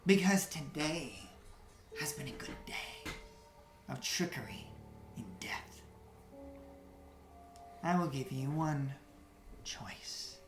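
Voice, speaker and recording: A woman voicing a menacing spider spirit woman who speaks in slow, whispery riddles. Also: deep voice, expressive, soft background music. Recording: echoey room.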